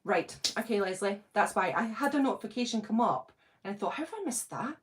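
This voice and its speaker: A middle-aged British woman hosting a casual livestream, nervous and excited, chatting and greeting viewers by name. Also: medium pitch, brisk. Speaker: channel host doing a livestream.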